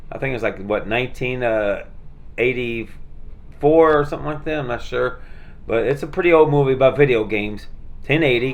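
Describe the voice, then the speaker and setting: Rambling laid-back man. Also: mid-range voice. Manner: rambling, many fillers and restarts, laid-back. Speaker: vlogger showing his movie collection. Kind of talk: casual rambling chat.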